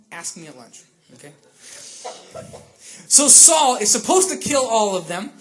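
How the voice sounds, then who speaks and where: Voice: medium pitch, fairly bright tone. A pastor giving a conversational sermon, checking in with the listeners and acting out the characters of the story. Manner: chatty, checks in with listeners with frequent asides; retells scripture by acting out the characters.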